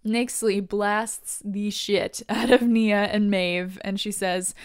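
A woman hosts a casual podcast and recaps an episode with animated enthusiasm, laughing often and swearing casually. Her voice is smooth and resonant. She is on a close mic with a dry, dead sound. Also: mid-range voice, takes it slowly, dry recording. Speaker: podcast host.

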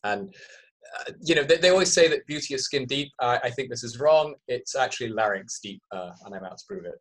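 A man with a mixed Canadian and English accent co-hosts a podcast in a casual chat. He teases and mocks himself in a playful way. His voice sits at an average pitch. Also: fairly quick, fairly bright tone. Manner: playful, teasing, self-mocking. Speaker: podcast co-host. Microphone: studio microphone.

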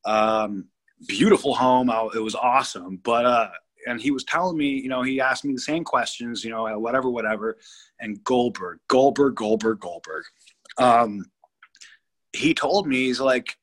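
A man's voice: mid-range voice, moderate pace, a bit bright. A man in his thirties from California, a guest telling a story in an interview, rambling and emphatic with many restarts. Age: 30s.

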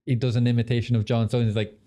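Laid-back Scottish man, mellow voice. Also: mid-range voice, level tone, racing. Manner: laid-back, self-deprecating. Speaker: podcast host. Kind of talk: casual chat.

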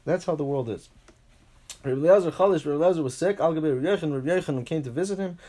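A man teaching a Talmud class, reading each line and paraphrasing it in English, animated, with frequent restarts. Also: very fast. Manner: animated, pitch jumps for emphasis.

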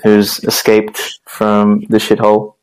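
A man's voice: fairly low pitch, completely flat delivery, slow pace, a little mellow, clean tone, poor audio. A man with an Australian accent, a guest on a podcast, talking through ideas in a thoughtful, rambling way. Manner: rambling, thoughtful, with many fillers and restarts. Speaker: guest author. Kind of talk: casual podcast interview.

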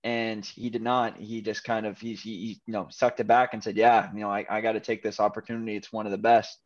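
A man's voice: fairly low pitch, flat delivery, a little fast, highs cut off. A man co-hosting a casual podcast, retelling a TV episode in a rambling way with many fillers and restarts. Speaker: podcast co-host. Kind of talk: casual chat recapping a TV episode.

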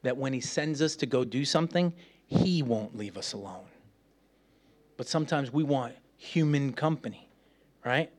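A man's voice: mid-range voice, animated, normal speed. A man preaching a sermon, telling a personal story with playful humor and frequent laughter. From United States. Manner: playful, laughs often, acts out voices.

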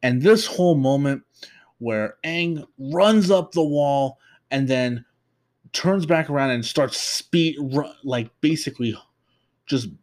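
A young man hosting a casual recap show, talking in a loose, rambling way with many fillers and restarts. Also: medium pitch. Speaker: podcast host.

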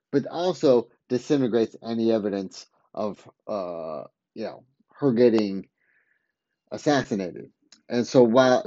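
A man's voice: medium pitch, warm tone, no echo, muffled recording. A man casually recapping a TV episode, rambling with many fillers and quoting the characters' lines. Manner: rambling, filler-heavy retelling with quoted dialogue.

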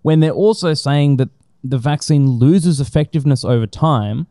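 A man with a mid-range voice and a mellow, dark tone rants bluntly on a casual podcast, swearing freely and filling gaps with ums. The recording is close and dry. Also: a little high, moderate pace, dry recording. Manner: blunt and sweary, full of fillers. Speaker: podcast co-host. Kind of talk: casual opinionated chat.

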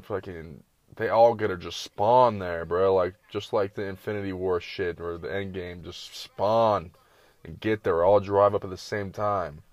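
A man's voice: low-pitched, no echo, highs cut off. A man giving casual, rambling reaction commentary, full of profanity and slang. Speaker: streamer reacting to videos.

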